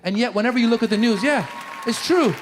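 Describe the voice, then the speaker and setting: High-voiced man doing animated stand-up. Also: quick pace, in a large hall, a faint crowd, slight background noise. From Iran. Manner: animated, loud punchlines with shouted quoted lines. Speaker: stand-up comedian. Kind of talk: stand-up comedy set. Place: comedy stage before a live audience.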